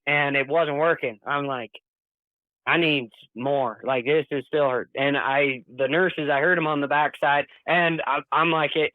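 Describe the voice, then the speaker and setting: A man tells a story as an interview guest, earnest and plain-spoken, his voice sitting a bit high. The sound is thin and phone-like, and very dry with no room around it. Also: no echo. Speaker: podcast guest.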